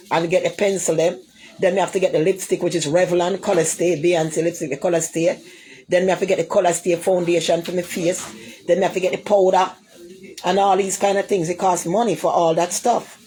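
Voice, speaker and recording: A woman with a Jamaican accent livestreams a casual rant, rambling and looping back over the same points while firing blunt insults at commenters. Her voice is on the low side with little pitch movement, warm, and a little fast, with slight background noise.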